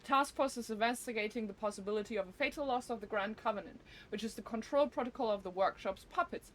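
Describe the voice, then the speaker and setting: A woman putting on a formal newscaster voice to read a news bulletin aloud, measured and stiff. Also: on the high side, slight background noise, lightly acted. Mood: mock-formal. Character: mock news anchor reading a bulletin.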